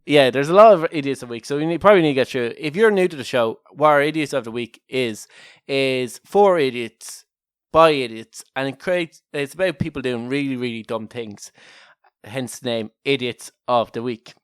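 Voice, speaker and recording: A man's voice: mid-range voice, normal speed, clean tone, no room sound, clean studio sound. An Irish man co-hosting a casual comedy podcast, telling a story in a jokey way and laughing often at his own lines. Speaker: podcast co-host.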